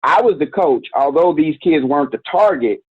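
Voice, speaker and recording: A man's voice: on the high side, normal speed, slightly rough, dry recording. Man telling a story over a tinny line. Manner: candid, conversational, slangy. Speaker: youth organization director, guest. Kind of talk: casual storytelling interview. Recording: tinny phone-like dry sound.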